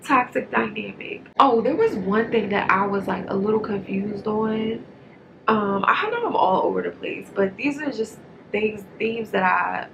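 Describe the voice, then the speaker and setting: A woman's voice: medium pitch, vocal fry, slight background noise, rough recording. A woman giving a casual, rambling movie review straight to camera. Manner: chatty, rambling, animated.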